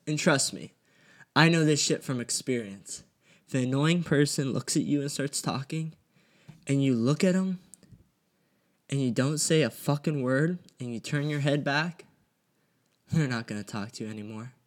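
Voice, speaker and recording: A young man hosting a casual solo podcast, talking bluntly and swearing freely as he rants. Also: on the high side. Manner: profane, blunt and heated. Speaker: podcast host. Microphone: studio podcast mic.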